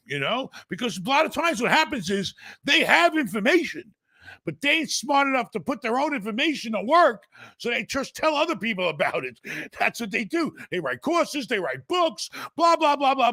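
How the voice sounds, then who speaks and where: An older man hosting a podcast, talking bluntly and profanely, mocking and often shouting. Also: extremely high pitch, big pitch swings, normal speed. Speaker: podcast host. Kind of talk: blunt casual chat.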